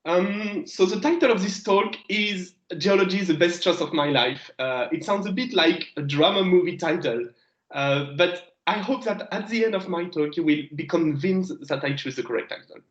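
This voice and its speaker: A French geologist in his thirties gives a remote guest lecture to students in French-accented English, his voice sitting high. He halts and restarts while hunting for words. The video call audio is echoey and lo-fi.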